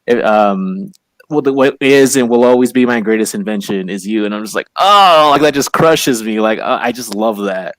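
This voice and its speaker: A low-voiced man speaking earnestly and a little haltingly in a casual discussion. He leans on fillers as he gathers his thoughts. The recording is dry and close. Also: fairly even intonation, no echo. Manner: earnest, hesitant, many fillers. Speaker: co-host.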